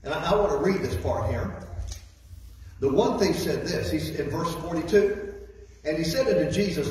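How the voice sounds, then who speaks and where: A guest speaker in a church hall preaches a folksy sermon, repeating words as he builds his points. His voice is fairly high and darkish, expressive at a normal speed. A distant mic catches an echoey hall and faint noise.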